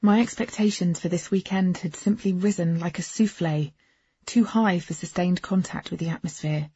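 A woman's voice: lowish voice, normal speed, mellow, breathy edge, dry recording. A woman narrating a first-person novel in an intimate, wry storytelling manner. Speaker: audiobook narrator. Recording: dull, dry lo-fi recording.

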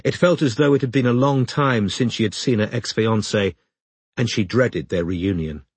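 A man reading a novel aloud as audiobook narrator, in steady, even storytelling. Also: on the low side, moderate pace, husky, no room sound. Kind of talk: scripted narration.

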